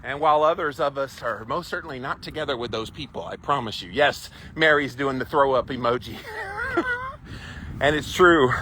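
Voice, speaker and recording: His mid-range voice sounds pushed and bright, at a moderate pace, as he hosts a weekly live stream while walking outside. He reads viewer comments, gives opinionated takes in a chatty manner, and elongates phrases for emphasis amid outdoor noise.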